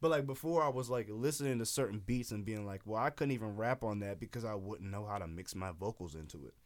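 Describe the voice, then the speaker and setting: With a lowish voice and a fast pace, this southeastern Michigan man is a guest rapper in casual studio conversation. He has a light lisp and talks in an animated, profane manner that swings loud in excited moments.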